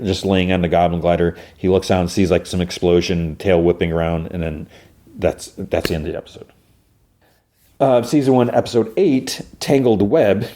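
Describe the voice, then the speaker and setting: A man with a low, warm voice hosts a podcast, casually recapping an episode. He rambles, packing his talk with fillers and restarts.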